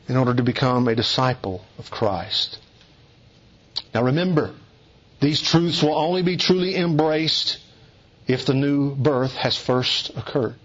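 Earnest Kentucky preacher, lo-fi sound. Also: male voice, a little high, a bit bright. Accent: Eastern Kentucky Southern US. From East Kentucky, USA. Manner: earnest, emphatic, deliberate teaching cadence. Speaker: pastor. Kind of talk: expository sermon. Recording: dull lo-fi recording.

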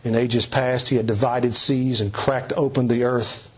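A man preaching an expository sermon in a measured way, slowing down on key phrases for emphasis. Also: mid-range voice, fairly even intonation, breathy edge, muffled recording.

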